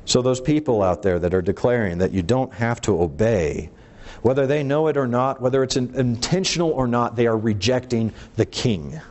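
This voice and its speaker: A man's voice: medium pitch, lively intonation, moderate pace, a little mellow. A middle-aged man preaching a sermon, emphatic, asking rhetorical questions and letting his voice rise and fall for emphasis.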